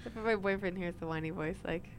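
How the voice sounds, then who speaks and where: A woman's voice: fairly low pitch, brisk, a little hiss or hum. A woman in her twenties co-hosting a radio show, playful and teasing in casual chat.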